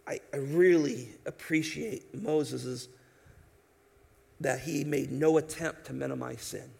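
A man's voice: on the high side, unhurried, gravelly, warm tone, husky. A man preaching an expository sermon in an emphatic, conversational way, asking his listeners rhetorical questions. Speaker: pastor.

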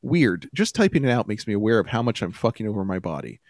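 A man's voice: on the low side, big pitch swings, quick pace, no echo. A man co-hosts a casual podcast, reading posts aloud in a laid-back, chuckling way. His voice rises and falls with animation. The close mic sounds dry. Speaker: podcast co-host.

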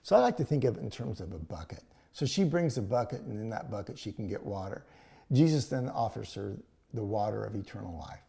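A man's voice: on the low side, animated, fairly quick, vocal fry, mellow. A man preaching a sermon, retelling a scripture story in a conversational way with paraphrased dialogue.

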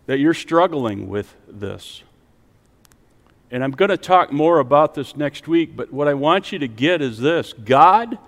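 Preaching pastor in a reverberant hall. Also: male voice, a little high. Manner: rising to emphatic preaching, dropping to soft prayer. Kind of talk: sermon with altar call. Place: church sanctuary with online stream.

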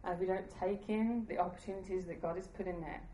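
A woman's voice: fairly low pitch, fairly even intonation, quick pace, warm tone, reverberant, a little hiss or hum, low-quality recording. A woman preaching a sermon in an earnest, conversational way, laughing at herself now and then.

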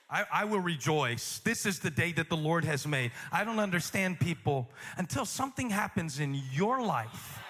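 A man's voice: high voice, fairly bright tone, long reverb tail, a little hiss or hum. Conversational preaching man, lilt. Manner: conversational preaching with repeated emphatic words and self-corrections. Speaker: pastor. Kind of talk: sermon.

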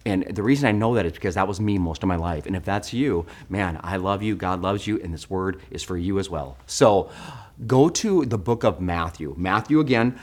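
A man preaching a sermon in church, animated and joking, swinging between loud outbursts and hushed asides. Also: fairly low pitch. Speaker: pastor.

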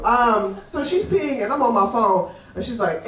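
A woman's voice: a little high, normal speed, few pauses, recorded from a distance, a little hiss or hum. A woman telling a funny story on stage at a live show, swearing freely and laughing as she talks. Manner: animated, swearing, laughing often. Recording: live room, roomy, crowd audible.

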